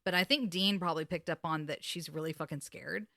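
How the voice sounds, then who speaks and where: Woman podcast co-host, bright close-mic voice, lively storyteller who acts out the scenes. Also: lowish voice, a little fast, dry recording. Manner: animated retelling, acts out characters, swears. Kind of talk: casual recap chat.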